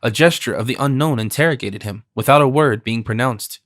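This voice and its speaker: A man narrating a classic novel as an audiobook in a measured, steady reading. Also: mid-range voice, dry recording, studio quality.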